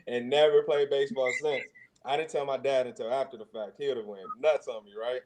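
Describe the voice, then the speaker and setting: Man telling lively stories. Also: mid-range voice, a little fast. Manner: lively anecdotes, acting out quoted voices. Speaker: guest, former football player and coach. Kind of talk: casual storytelling.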